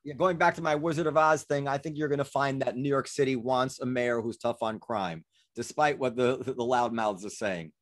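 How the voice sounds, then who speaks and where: A man's voice: mid-range voice, fairly even intonation, moderate pace, no echo, studio quality. A man hosting a casual conversation, starting his questions with hesitant restarts. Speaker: host.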